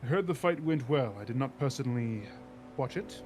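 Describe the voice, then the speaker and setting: A composed, busy college official , as a man plays him in a tabletop game, talking in a dry, matter-of-fact manner at an ordinary pitch. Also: lively intonation, fairly quick, darkish tone, slight background noise, close to an everyday voice.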